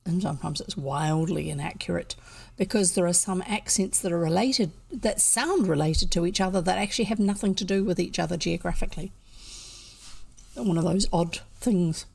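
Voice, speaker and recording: A woman's voice: fairly low pitch, moderate pace, creaky, darkish tone, husky. A woman with a New Zealand accent who reads storybooks aloud, chatting casually and at a rambling pace between chapters while she snacks. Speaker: storybook reader.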